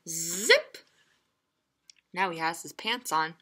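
A woman reading a picture book aloud to young children, gentle and playful, often laughing and asking questions. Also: fairly high pitch, lively intonation, measured pace, noisy background. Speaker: children's librarian. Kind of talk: children's story time reading. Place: library online session.

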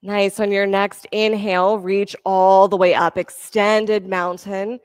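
A woman yoga instructor giving calm, encouraging cues for breath and poses during a class. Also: mid-range voice, slow pace, clear, resonant tone, no echo, clean studio sound.

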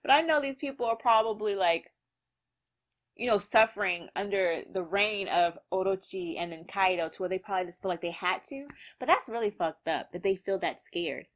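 A woman reading a manga aloud and reacting to it in a lively, slangy way, laughing often. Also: mid-range voice, normal speed.

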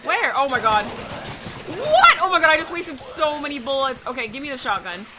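Excitable young woman streaming a game. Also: high voice, fast talker. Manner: excitable, loud outbursts and chatty. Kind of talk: live gameplay commentary. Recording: stream audio with background noise.

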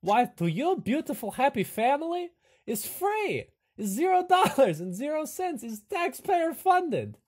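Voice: high-pitched, sing-song, a little slow, a little mellow, voice pushed up. A game master voicing an eccentric, overly cheerful male camp keeper in a tabletop game, with odd formal phrasing. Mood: gushing.

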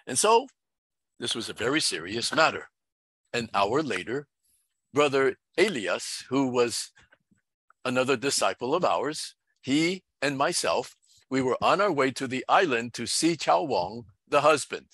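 A middle-aged man, a pastor, recounting a story in an earnest, measured sermon style. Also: mid-range voice, animated, fairly bright tone, slightly rough, no echo.

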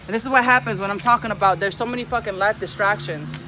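A woman's voice: medium pitch, quick pace, over music. A woman vlogging outdoors at night near a gas station, cursing, scolding herself and bluntly lecturing her viewers. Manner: profane, self-scolding venting. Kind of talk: casual vlog monologue. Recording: outdoor traffic noise.

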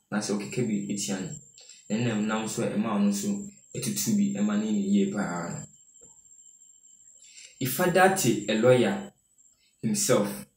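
A man's voice: lowish voice, darkish tone, far from the mic, a little hiss or hum. A man with a Ghanaian accent presenting news commentary, reading out quoted statements and then explaining them. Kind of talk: news commentary mixing Twi and English. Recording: roomy echo from off-mic, faint ambience.

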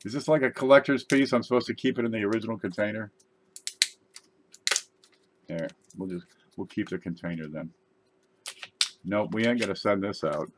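A man's voice: lowish voice, moderate pace, pauses often, noisy background. A man hosting his channel, chatting casually and joking while opening mail. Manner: joking, rambling, tall tales. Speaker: YouTube channel host. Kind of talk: casual unboxing chat.

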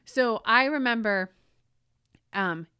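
A woman in her forties co-hosting a podcast, telling a family story with lively emotion and many restarts. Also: a little high, slow, clear, resonant tone, dry recording, clean studio sound. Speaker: podcast co-host. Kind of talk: casual storytelling chat.

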